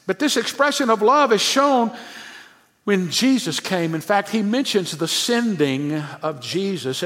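Male pastor, high voice, emphatic sermon with hushed drops, long reverb in a church. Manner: emphatic preaching, often dropping to a hushed low voice.

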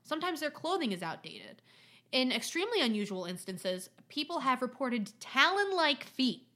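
A woman co-hosts a chatty podcast, laughing easily and swearing as she tells her stories. Her voice is high and bright, and it swings widely in pitch. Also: very animated, normal speed. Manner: giggly, swears freely, puts on voices in anecdotes. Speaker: podcast co-host. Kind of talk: casual chat podcast telling creepy stories.

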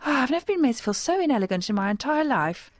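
A woman telling a comic monologue, wry and deadpan with sarcastic asides. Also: sits high, fast, dry recording, clean studio sound. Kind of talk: scripted comic monologue with character voices.

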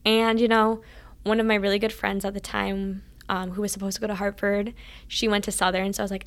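As an interview guest, an earnest woman tells casual stories about her years as a college athlete, readily slipping into reenactments of past conversations. Her gravelly voice stays within a narrow, even pitch range, and she speaks fairly quickly.

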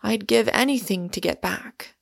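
Storybook role: a querulous, despairing older professor, read by a woman, slow, with a gravelly edge. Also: mid-range voice, no echo, studio quality. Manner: querulous and exasperated.

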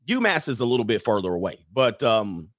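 A man's voice: mid-range voice, big pitch swings, brisk, no room sound, clean studio sound. A man hosting a livestream in casual chat, rambling and laughing often as he reads out viewer messages.

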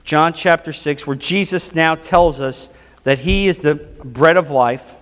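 Impassioned preacher, high voice in a reverberant hall. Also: male voice, measured pace, a bit bright. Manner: impassioned preaching, rising to emphatic declarations. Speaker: pastor. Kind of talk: sermon.

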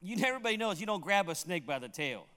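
A man's voice: high-pitched, very animated, fast, sharp tone. A man preaching a sermon as pastor, telling funny stories and laughing at them, in a church sanctuary. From Puerto Rico. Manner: humorous storytelling, laughs at his own tales. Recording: long hall reverb.

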